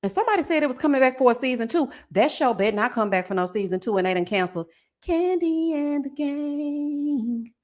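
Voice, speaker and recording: A woman in her forties hosting a live stream, chatting casually with her viewers and reading their comments aloud, sassy and animated, laughing often. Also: sits high, fairly quick. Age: 40s. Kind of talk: casual chat.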